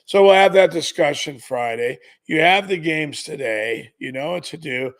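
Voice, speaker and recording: Fifties male betting-show host with a gravelly, fry-edged voice, upbeat and direct with viewers. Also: fairly high pitch, animated, normal speed. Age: 50s. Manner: upbeat, repeatedly calls viewers "gurus". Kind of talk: live sports betting show. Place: studio.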